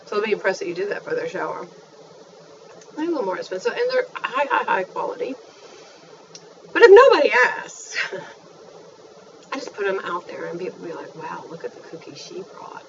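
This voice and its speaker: A woman's voice: medium pitch, very animated, normal speed, pauses often, recorded from a distance, slight background noise. A woman chatting in a playful, gushing manner as she reviews things for her viewers. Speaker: vlogger. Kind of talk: casual chat. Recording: dull, faint, off-mic home recording.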